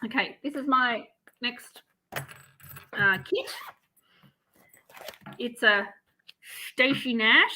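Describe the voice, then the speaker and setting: A woman's voice: fairly high pitch, very slow, pauses often, sharp tone, slight background noise, low-quality recording. A woman, chatting casually as co-host and laughing easily. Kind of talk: casual chat.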